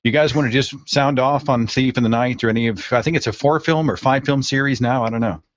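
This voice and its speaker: A man's voice: medium pitch, fast talker, dry recording, dull audio. A man hosting a podcast in a conversational way, asking his guests questions and reflecting on what they say. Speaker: podcast host. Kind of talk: casual podcast discussion.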